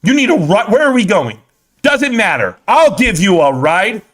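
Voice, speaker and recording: A man voicing an overeager, instantly friendly young man who talks in an eager, excitable way. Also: sits high, normal speed, distant mic, full character voice.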